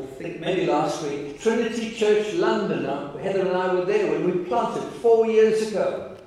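A man preaching a sermon as pastor, telling stories in a warm, emotional way with halting restarts and repeated words. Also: high-pitched. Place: large church hall. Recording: echoey hall, voice from far off.

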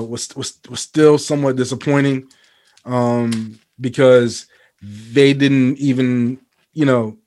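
A man co-hosting a casual podcast chat, rambling with many fillers and restarts, and getting animated and profane when worked up. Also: mid-range voice. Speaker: podcast co-host.

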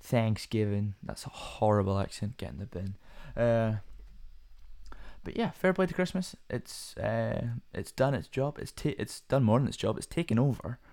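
Rambling and self-deprecating, this young solo podcast host speaks at normal speed in a mid-range, gravelly, slightly mellow voice with lively intonation. Fillers and restarts are frequent, and his voice occasionally cracks.

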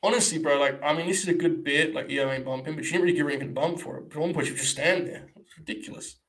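A young man talks casually through a live stream, blunt and sarcastic, with plenty of swearing. His voice sits a little high for a man. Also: very fast, fairly bright tone. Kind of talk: casual live commentary on wrestling.

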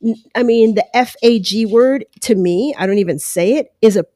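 A woman hosts a podcast at home, her voice on the high side with a dark tone and a moderate pace. She talks through her opinions in casual solo commentary, adding asides and quoted voices. With headphones and a close mic, the sound is clean and studio-like without echo, though a dog laps water in the background.

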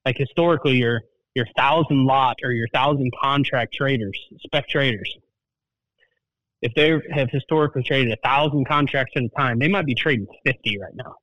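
A man who is a market analyst guest, speaking in a plainspoken, measured way with folksy turns of phrase. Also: mid-range voice, a bit bright, no echo, rough recording. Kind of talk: casual market talk.

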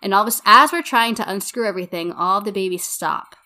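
A young woman with a bright, clear voice co-hosts a casual podcast. She tells stories with animated energy, acts out what people said, and fills her talk with "like.". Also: mid-range voice, brisk. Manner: animated storyteller, acts out quotes, says "like" a lot. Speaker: podcast co-host. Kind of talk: casual chat.

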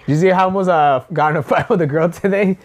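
A man's voice: fairly high pitch, very fast. A man hosting a casual podcast, telling stories with lots of swearing and laughter. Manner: profane, laughing storyteller. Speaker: podcast host and stand-up comic. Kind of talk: casual chat.

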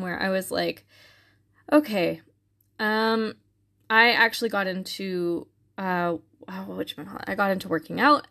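A woman's voice: mid-range voice, fairly bright tone. A young woman telling a personal faith story in a casual, earnest way, with many fillers and restarts. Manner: earnest and reflective.

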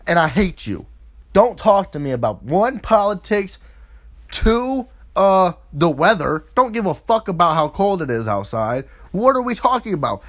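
Animated, high-voiced man ranting crudely. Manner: profane, mocking and animated, jumping into quoted voices. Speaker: podcast host. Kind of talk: crude comic rant.

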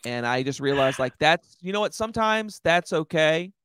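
A man's voice: a little high, animated, normal speed, a bit bright, clean tone, no room sound. Young comedian guy rambling through a story, swears a lot, dry close sound. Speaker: stand-up comedian. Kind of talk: casual podcast chat.

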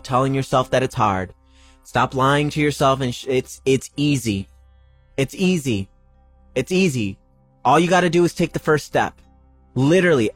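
A man hosting a spiritual podcast, talking casually and emphatically, repeating phrases and swearing freely. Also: mid-range voice. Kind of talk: casual spiritual pep talk.

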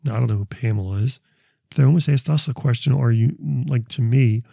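A man with a gravelly, rough edge to his voice talks through his recordings in a loose, rambling way, often repeating words and restarting his sentences. His tone is dark and mellow. The sound is dry and close, with no room around it. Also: mid-range voice, fairly quick, no room sound. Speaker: paranormal investigator presenting recordings. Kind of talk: casual explanatory talk.

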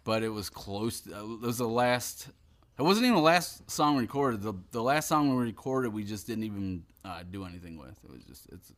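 A musician from Ohio chatting casually on a podcast, swearing freely and joking loudly. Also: male voice, on the low side, expressive, brisk. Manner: profane, loud and jokey. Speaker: musician guest.

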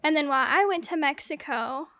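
A young woman telling a long personal story in casual chat, animated, saying "like" a lot and swearing freely. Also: high voice, fairly quick, dry recording, clean studio sound.

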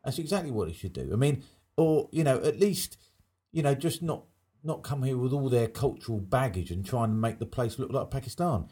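A man's voice: medium pitch, lively intonation, fairly quick, mellow, husky. A man talking in a casual chat, emphatic and opinionated.

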